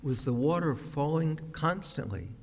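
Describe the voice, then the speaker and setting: A man preaching a sermon as a rabbi, with a slow, measured, reflective delivery. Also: on the high side, animated. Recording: long reverb of a large hall.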